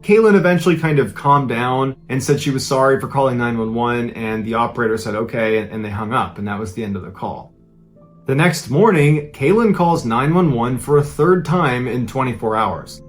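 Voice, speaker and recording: A man's voice: medium pitch, animated, normal speed, faint music behind. A man hosting a podcast, telling a true-crime story in a casual, conversational way. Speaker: podcast host.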